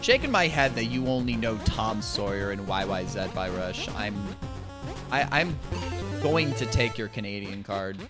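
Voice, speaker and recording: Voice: medium pitch, lively intonation, measured pace. A streamer chatting casually during a speedrun, swearing now and then and breaking into joking song. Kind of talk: casual chat while speedrunning. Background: game music.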